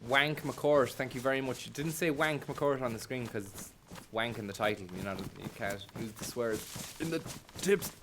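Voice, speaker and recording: A man's voice: mid-range voice, normal speed, background noise. A man with a Limerick Irish accent rambling and muttering on a live stream out in a wood, swearing and making up rhymes as he goes. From Limerick, Ireland. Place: outdoors in a wood.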